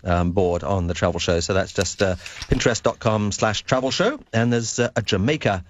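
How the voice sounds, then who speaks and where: Travel radio host guy, upbeat plugging, low voice, lo-fi dry. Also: normal speed, slight background noise. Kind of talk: casual radio chat.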